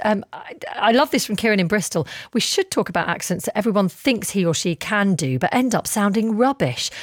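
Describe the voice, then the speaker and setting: A woman hosting a breakfast radio show, chatting briskly and reading out listener texts. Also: on the low side, no echo, studio quality. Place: radio studio.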